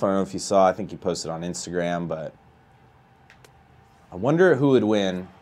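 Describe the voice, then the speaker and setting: A man playing a baseball video game live, chatting with viewers and ranting with a voice that climbs high when he gets outraged. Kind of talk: live gameplay commentary and chat.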